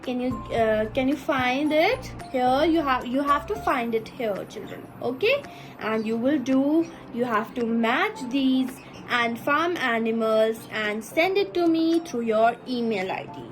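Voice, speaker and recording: A woman teacher giving an online lesson to small children, slowly spelling out words letter by letter and having them repeat. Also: high voice, animated, music in the background, low-quality recording. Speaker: nursery school teacher.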